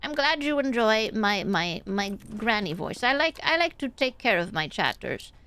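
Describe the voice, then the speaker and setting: A woman's voice: mid-range voice, sing-song, normal speed, pushed and bright, clear, resonant tone. A woman streaming a video game, chatting casually with her viewers and laughing often. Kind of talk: casual live-stream chat.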